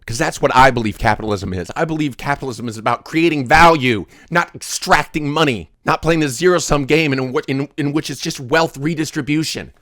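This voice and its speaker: A man in his thirties delivering a heated, indignant rant to camera, swinging between loud outbursts and quiet asides. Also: on the high side, creaky. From United States. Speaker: vlogger.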